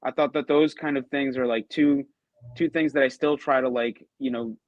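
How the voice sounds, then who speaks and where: A man's voice: mid-range voice, fairly even intonation, fairly quick, no room sound, muffled recording. A man talking as a guest on a casual relationship show, thoughtful and often restarting sentences. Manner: thoughtful, many restarts and fillers. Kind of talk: casual podcast chat.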